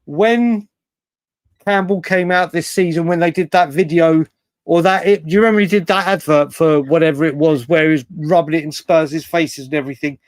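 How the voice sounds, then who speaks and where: A man hosts a late-night live fan show. He is chatty and rambling, laughs often and swears freely. His voice sits a little high, and the sound is dry and close. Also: normal speed, dry recording.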